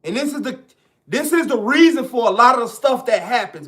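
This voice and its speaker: A man's voice: very high voice, lively intonation, fairly quick, sharp tone. A man ranting in casual, profane, emphatic commentary straight to his viewers. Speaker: online commentator.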